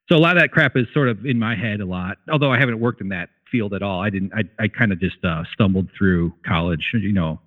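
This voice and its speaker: A man chatting casually as a guest, rambling with lots of fillers and restarts, a little out of breath. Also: lowish voice. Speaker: guest caller. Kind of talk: casual chat. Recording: tinny phone line.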